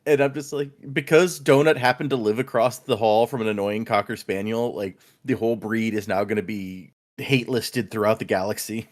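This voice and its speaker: A man's voice: on the low side, steady tone, normal speed, hardly any pauses. A man hosting a casual book-club podcast, recapping chapters in a laid-back, chuckling way with loose run-on sentences. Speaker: podcast host.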